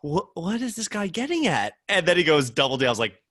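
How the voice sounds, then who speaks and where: A man's voice: sits high, fairly quick. A young man co-hosting a podcast, telling stories in casual chat and acting out the quotes as he goes. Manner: animated storytelling with acted-out quotes. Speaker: podcast co-host.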